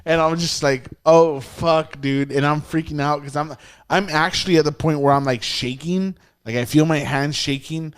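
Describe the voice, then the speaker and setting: A man with a slightly high voice tells a story on a casual podcast, animated and full of swearing. He acts out the people in the story as he goes. The sound is dry and close. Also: normal speed, clear, resonant tone, no echo. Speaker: podcast host.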